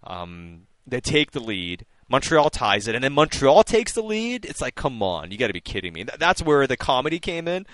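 A man's voice: medium pitch, sing-song, moderate pace, hardly any pauses, fairly bright tone, no room sound. A man co-hosting a post-game hockey talk show and reading listener messages in an easygoing way. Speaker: sports podcast co-host.

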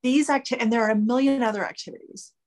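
A woman talking candidly in a casual podcast conversation, explaining with animated emphasis and free swearing. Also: on the high side, fast. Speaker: guest expert.

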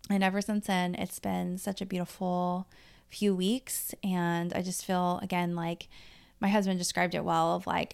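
Candid woman podcaster with a gravelly edge. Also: lowish voice, little pitch movement, moderate pace, a little mellow. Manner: frank and emotional, swears freely, talks to listeners directly. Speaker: podcast host and life coach. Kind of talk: candid personal podcast monologue.

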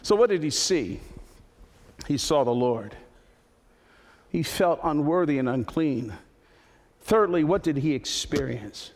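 A male pastor preaching a sermon, building to loud high peaks and then dropping to slow, quiet emphasis. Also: lively intonation. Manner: preaching with sudden swells to high, loud climaxes and soft, slow drops. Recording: long hall reverb.

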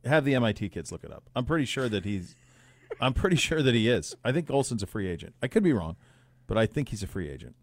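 A man's voice: mid-range voice, big pitch swings, quick pace, no echo. A man hosting a sports podcast, chatting casually and rambling through his points.

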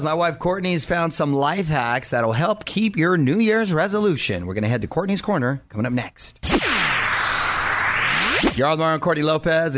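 A man's voice: fairly high pitch, heavy background noise. A man hosting a radio show, upbeat and laughing often as he chats.

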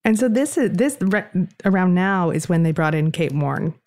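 A woman from Philadelphia co-hosting a casual history podcast, with a fairly low voice and an upbeat, chatty way of telling the story. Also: expressive, moderate pace, a little mellow. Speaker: podcast co-host.

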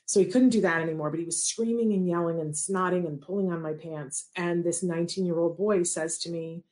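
A woman telling a personal story as a parent, animated and acting out the quoted dialogue. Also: fairly low pitch, a little fast.

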